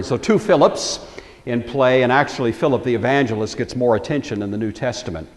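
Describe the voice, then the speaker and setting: A man's voice: mid-range voice, in a large hall. A man giving a Bible lecture, telling the story vividly and briefly acting out the voices he quotes. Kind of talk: recorded lecture.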